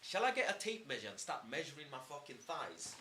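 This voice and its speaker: A man's voice: a little high, wildly swooping pitch, a little fast, pushed and bright, slight background noise. A man streaming casually, boastful and heated, swearing a lot and using street slang. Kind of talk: casual livestream chat.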